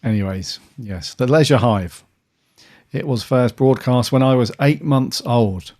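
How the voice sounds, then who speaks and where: A man in his forties co-hosting a podcast in casual chat, relaxed and full of fillers. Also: mid-range voice, a little slow. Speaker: podcast co-host.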